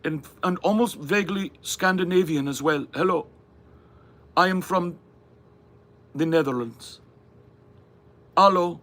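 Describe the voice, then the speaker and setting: A man's voice: sits high, unhurried, long pauses, fairly bright tone, voice pushed up. A man putting on a mock Dutch accent as a stereotyped, oddly formal Dutch man. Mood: goofy.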